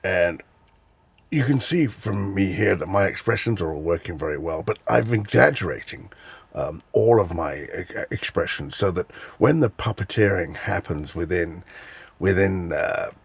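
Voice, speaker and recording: A man's voice: low voice, lively intonation, normal speed, creaky, husky, dry recording, full character voice. A man voicing a plain male avatar character in close to his own voice, hesitating with many fillers.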